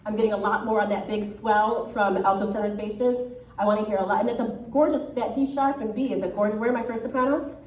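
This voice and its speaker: A woman's voice: medium pitch, fairly even intonation, fast, darkish tone. A woman with a soprano voice coaching a choir in rehearsal, chatty and encouraging, often checking in with "right?". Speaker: choir clinician giving critiques. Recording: echoey hall, mic far off.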